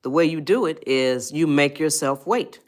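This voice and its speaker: A woman's voice: low-pitched, moderate pace. A woman hosting a casual live stream, chatting with viewers and coaxing them to reply. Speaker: livestream host, life coach.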